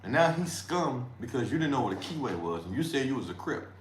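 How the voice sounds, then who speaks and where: Sing-song and fast, a mid-range male voice hosts a livestream with casual, slangy commentary, trash talk and frequent laughter. Slight background noise and faint ambience fill an echoey room.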